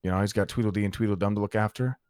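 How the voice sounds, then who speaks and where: A man's voice: lowish voice, steady tone, very fast, a little mellow, dry recording, clean studio sound. A man in character in an online roleplay, telling a heated, profane story to a friend. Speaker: roleplay gang member recounting events.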